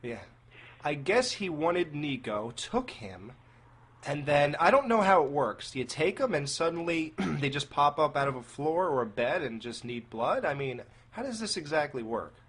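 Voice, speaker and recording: A man's voice: a little high, very animated, moderate pace, a bit bright, slight background noise. A man hosting a podcast in casual chat, rambling and asking hesitant questions. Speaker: podcast host.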